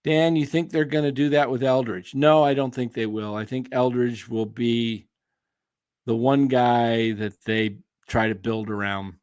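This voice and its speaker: Slow, opinionated man with a fraying voice. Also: medium pitch, steady tone, a little mellow, clear, resonant tone, dry recording, clean studio sound. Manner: opinionated, answers chat by name, rambling restarts. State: losing his voice, clearing throat. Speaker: sports show host. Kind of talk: casual live-stream commentary.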